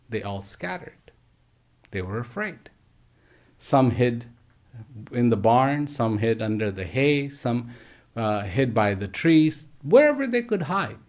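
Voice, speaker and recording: A man giving a slow storytelling talk to teachers, gentle and emphatic, with repeated phrases and pauses. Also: medium pitch, very animated. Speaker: speaker addressing teachers. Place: live online address.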